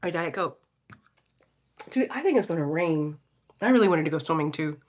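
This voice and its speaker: A woman's voice: sits low, lively intonation, normal speed. A woman from Philadelphia giving a casual, profane pep talk on a livestream and answering her chat. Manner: blunt, profane, talks straight to chat.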